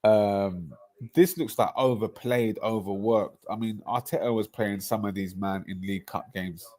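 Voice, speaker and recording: A man's voice: on the low side, measured pace, mellow. Boastful slangy man. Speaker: football podcast panelist. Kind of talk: casual banter about football.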